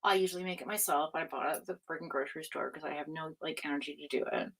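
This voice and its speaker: A woman's voice: sits low, very fast, fairly bright tone, slightly rough. A middle-aged woman from Canada chatting casually on a live tarot stream, laughing often and reading chat aloud.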